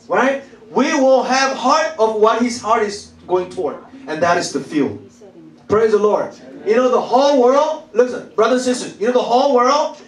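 A male pastor preaching a sermon, emphatic and repetitive, often laughing and calling on the congregation to answer. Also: sits high. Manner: emphatic, repeats phrases, laughs often, calls for replies. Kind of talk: sermon with call-and-response. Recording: echoey church hall, voice from a distance.

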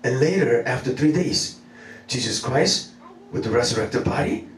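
A man in his thirties preaching a lively sermon, animated and laughing, repeating phrases and calling out to the congregation. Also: mid-range voice, normal speed. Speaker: pastor. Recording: echoey room, mic at a distance, faint noise.

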